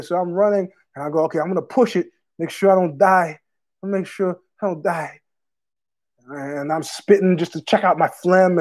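A man's voice: high-pitched, a little mellow. A man hosting his own podcast, rambling through a profane, digressive monologue full of fillers, with a cough. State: has a cough. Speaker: podcast host.

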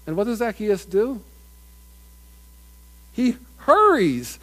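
A middle-aged man preaching a sermon in an earnest manner, building to loud emphatic peaks and dropping to quiet asides. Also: very high-pitched, rough recording. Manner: earnest, builds up with rising emphasis, mimics crowd voices.

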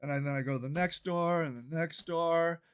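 An older man who is running for city council delivers an angry, profane monologue, often shouting. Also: on the high side, normal speed, clear, resonant tone. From Ohio, United States. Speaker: city council candidate and activist.

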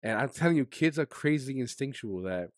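A man speaking as a podcast guest, telling a personal story candidly in casual slang, his voice sinking soft and low at the painful parts. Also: animated, fairly quick, no room sound, clean studio sound. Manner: emotional, drops to a soft low voice when recounting hard moments; casual slang-heavy speech.

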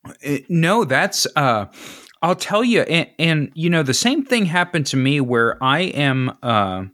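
American guy rambling on a podcast, laughy, self-deprecating, super bouncy pitch. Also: big pitch swings, unhurried, fairly bright tone, dry recording, studio quality. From United States. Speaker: podcast co-host. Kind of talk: casual chat.

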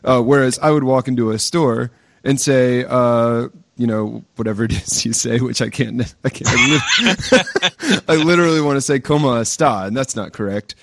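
A man's voice: medium pitch, moderate pace, creaky, fairly bright tone. An American man hosting a podcast, talking casually with lots of restarts and fillers into his own close mic. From United States. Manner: rambling, many restarts and fillers. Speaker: podcast host. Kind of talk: casual chat. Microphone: own mic with gain control.

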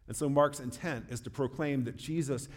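A man in his forties, a pastor reading the gospel and preaching in a relaxed, conversational way with light humor. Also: mid-range voice, normal speed. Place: church sanctuary. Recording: long church reverb.

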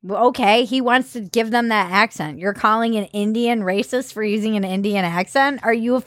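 A woman hosting a comedy podcast, talking bluntly and sarcastically with plenty of swearing. Her voice sits a little high. The sound is close and dry, with no room around it. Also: normal speed, a bit bright, no room sound. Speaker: podcast co-host. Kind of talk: casual comedic chat.

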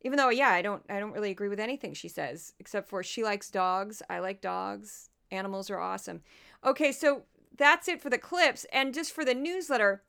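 A woman's voice: mid-range voice, a little fast, creaky, a bit bright, smooth. A woman hosting a podcast, chatty and sarcastic in casual commentary, laughing often. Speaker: podcast host.

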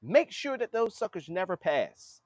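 A man's voice: high voice, very animated, unhurried, dry recording. A man hosting a podcast, giving a blunt political commentary monologue and scolding leaders directly as if they were listening. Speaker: podcast host.

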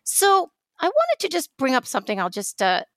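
A woman's voice: sits high, normal speed, dry recording, clean studio sound. A woman from New York co-hosting a podcast, telling a personal story in casual conversation with lots of restarts. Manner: storytelling, animated, many restarts. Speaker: podcast co-host.

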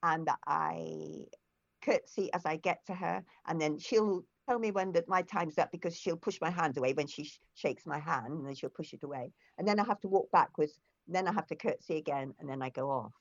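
A low-voiced older woman talks as an interview guest, telling long anecdotes in a chatty, meandering way with plenty of fillers and false starts. The recording is dry and a little muffled. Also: a little fast, creaky, no echo. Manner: chatty storyteller with frequent restarts and fillers. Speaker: interview guest, former foster carer. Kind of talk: conversational interview.

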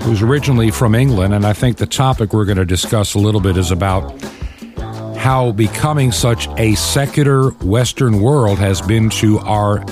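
A man hosting his own podcast in a casual, opinionated monologue, restarting words as he grows indignant. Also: lowish voice. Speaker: podcast host.

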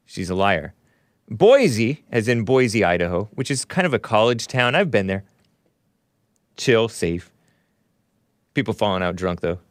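A man's voice: on the low side, normal speed, long pauses, fairly bright tone, no echo, clean studio sound. A man hosting a call-in radio show, reading posts aloud and mocking them in a scornful, sarcastic, rambling way. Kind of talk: opinionated call-in radio talk.

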